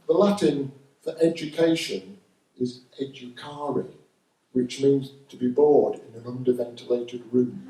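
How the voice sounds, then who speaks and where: Dry Northern English stand-up comic. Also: male voice, a little high, warm tone, slight background noise. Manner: dry, wry delivery. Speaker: stand-up comedian. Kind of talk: stand-up comedy set. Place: live comedy venue with audience. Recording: roomy live recording from a distance.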